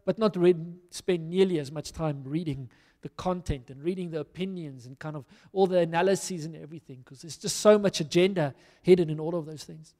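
A man's voice: fairly high pitch, brisk, hardly any pauses, warm tone. A man with a South African accent preaching a conversational, storytelling sermon with self-deprecating asides. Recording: reverberant hall.

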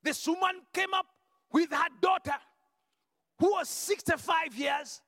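A man preaching a sermon and telling a healing testimony, shifting from quiet asides to fervent shouted declarations and repeating words as he restarts a phrase. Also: very high-pitched, measured pace, no room sound, clean studio sound, long reverb tail. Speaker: visiting preacher.

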